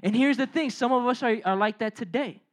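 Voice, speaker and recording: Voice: mid-range voice, brisk. A preacher giving a casual, conversational sermon, retelling a Bible story in slang, acting out the characters' lines and putting questions to the listeners. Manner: asks the audience questions and addresses them directly.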